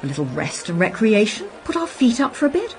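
A woman voicing an eccentric male time traveller who speaks in a hushed, breezy, conspiratorial way. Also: on the high side, big pitch swings, a little fast, pitched above the performer's own voice. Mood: musing.

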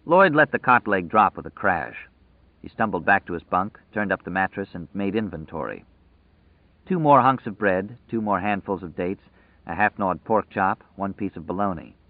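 A man narrating a story in a measured, vivid storytelling manner, over tinny phone-like audio. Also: low voice, expressive, no echo. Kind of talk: scripted narration.

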